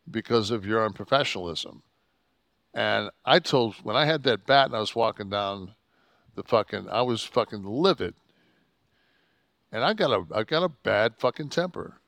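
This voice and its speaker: A man's voice: on the low side, animated, normal speed, fairly bright tone, dry recording. Profane man telling a heated story. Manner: profane, heated, rambling with restarts. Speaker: podcast co-host telling a wrestling story. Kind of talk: casual storytelling chat.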